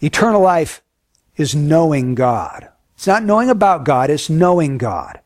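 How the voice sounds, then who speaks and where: Earnest high-voiced male preacher. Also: big pitch swings, a little slow, no room sound, studio quality. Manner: earnest, emphatic, dropping to hushed solemn tones. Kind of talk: sermon.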